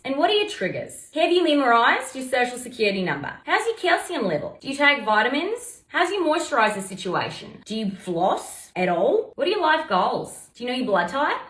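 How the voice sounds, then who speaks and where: A woman with a high, bouncing voice delivers a comedy bit in an exaggerated put-on accent. Her lines sit in a noticeably echoey room. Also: fairly bright tone. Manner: playful, put-on comic accent. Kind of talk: comedic short video monologue.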